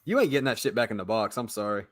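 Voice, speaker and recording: A man's voice: on the low side, expressive, very fast, fairly bright tone. A man co-hosting a casual group podcast, teasing his friends with crude, profane jokes. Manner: teasing, crude, swears constantly. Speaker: podcast co-host.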